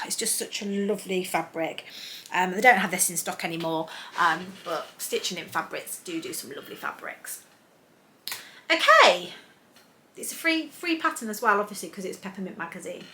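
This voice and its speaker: A woman's voice: mid-range voice, a little hiss or hum. A woman chatting casually on her sewing vlog, rambling along with lots of ums and restarts. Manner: rambling, warm-hearted, many ums and restarts. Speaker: sewing vlogger.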